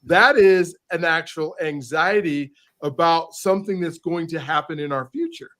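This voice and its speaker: A man, an author and podcast guest, telling a story in an animated, casual way and often repeating words as he restarts. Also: on the high side, normal speed.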